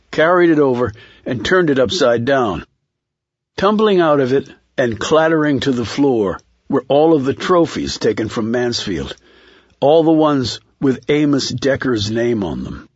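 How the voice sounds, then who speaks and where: A man narrating a thriller audiobook in a measured, steady reading. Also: mid-range voice, no echo.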